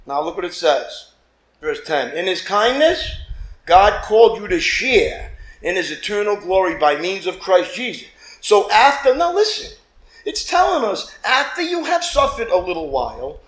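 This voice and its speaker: A man preaching a lively sermon as pastor, acting out quotes and calling for amens from the congregation. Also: sits high, moderate pace. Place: church. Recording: echoey church room.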